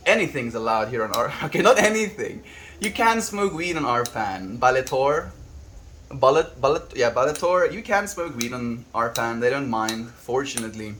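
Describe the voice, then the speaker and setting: A South African man chatting on a livestream, soft-spoken and reflective, reading viewers' messages aloud. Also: medium pitch, slight background noise. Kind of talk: casual livestream chat.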